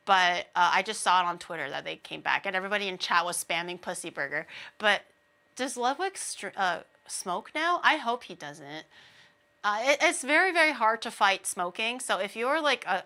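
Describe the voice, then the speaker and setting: A woman VTuber streamer chatting casually on stream, telling animated stories, laughing often and mimicking people. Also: medium pitch.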